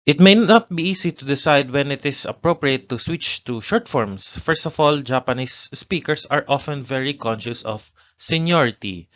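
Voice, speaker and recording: A man teaching a language lesson, explaining grammar step by step and repeating each example phrase slowly. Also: mid-range voice, animated, fairly bright tone, dull audio.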